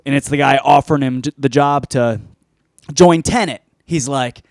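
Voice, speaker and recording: A man's voice: mid-range voice, normal speed, gravelly, no room sound, studio quality. A man hosting a podcast, reviewing a film in casual, rambling chat full of swearing and restarts. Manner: rambling, profane, self-interrupting. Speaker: podcast host.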